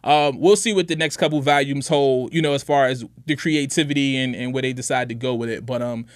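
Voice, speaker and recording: A man's voice: mid-range voice, fairly even intonation, brisk, no room sound, studio quality. A middle-aged man co-hosting a podcast in casual chat, laid-back and full of "you know what I'm saying". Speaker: podcast co-host.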